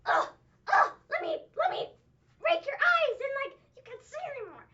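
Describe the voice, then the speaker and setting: A woman doing a mocking impression of an indignant female wrestler who shouts accusations. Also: animated, moderate pace, exaggerated voice. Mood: shrieking. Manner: shrill, mocking exaggeration. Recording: slightly dull lo-fi recording.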